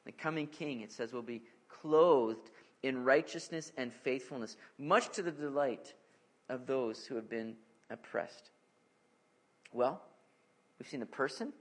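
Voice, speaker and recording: A man's voice: mid-range voice, a little slow. A man in his thirties preaching an expository sermon in an earnest, conversational way, with family stories as asides. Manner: earnest, animated in anecdotes. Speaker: pastor.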